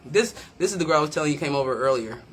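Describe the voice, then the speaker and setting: A woman hosting a live stream, telling stories in a blunt, profane, animated way. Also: low voice, rapid-fire, a little hiss or hum. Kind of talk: casual live-stream storytelling. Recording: echoey room, distant from mic.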